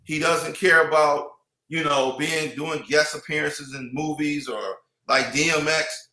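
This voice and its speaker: Bright, high-ish man rambling in an echoey room. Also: steady tone, a little slow. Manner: rambling, lots of restarts and "you know". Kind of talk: casual chat.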